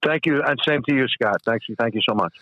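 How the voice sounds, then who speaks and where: Male comic guest, quick self-correcting chatter, dull lo-fi remote audio. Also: mid-range voice, no room sound. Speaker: guest comedian. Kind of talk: interview chat.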